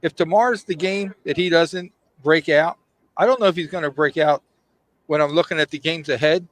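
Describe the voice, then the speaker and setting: A man on a sports radio show making his point in halting bursts, repeating words as he goes. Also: on the high side.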